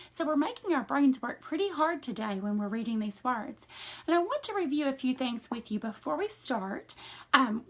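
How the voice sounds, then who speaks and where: A woman teaching a phonics lesson to young children in a slow, encouraging, sing-song teacher voice. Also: high-pitched. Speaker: reading teacher.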